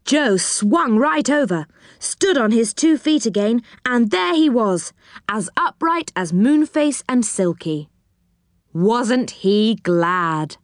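A woman reading a children's storybook aloud in a gentle, expressive way. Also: fairly high pitch, slow, no echo, studio quality. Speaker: narrator.

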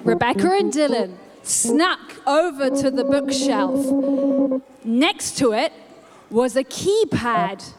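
A woman narrating a children's storybook adventure in an unhurried storytelling manner. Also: sits high, expressive. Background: music.

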